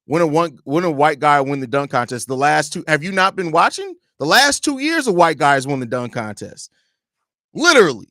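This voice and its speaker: A man's voice: fairly high pitch, very animated, fairly quick, sharp tone, no echo, clean studio sound. A man hosting a casual live-stream sports talk show from home, opinionated and rambling, often restarting his sentences. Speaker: host of a basketball fan podcast.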